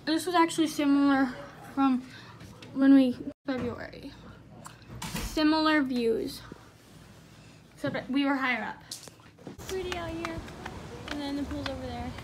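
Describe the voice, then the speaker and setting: A young woman vlogging casually from a hotel room and patio, chatty and easily excited. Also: high voice, unhurried, pauses often. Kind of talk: casual vlog chat to camera. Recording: noisy handheld camera audio.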